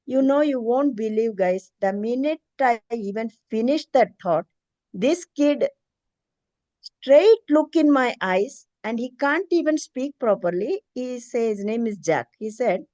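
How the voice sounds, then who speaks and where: A woman's voice: fairly high pitch, animated, measured pace, dark tone, dry recording. A middle-aged woman, earnestly telling a personal story on a video call in a hesitant, emotional way. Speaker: meeting participant, preschool teacher.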